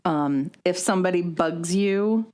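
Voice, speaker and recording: Woman, podcast co-host, slow relaxed pace, laughs easily, casual chat. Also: fairly low pitch. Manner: laughing, quick reactions.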